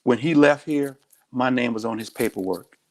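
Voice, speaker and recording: Here a U.S. sheriff recounts stories as a guest in a frank interview, sounding direct and sincere. His mid-range voice is slightly mellow and moves at a moderate pace.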